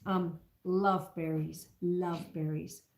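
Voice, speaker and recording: A woman's voice: on the low side, little pitch movement, slow, a little mellow, reverberant. A woman hosting a home baking livestream, chatting casually and reading out viewers' comments while she bakes, calling people love and sweetheart. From Australia. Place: home kitchen.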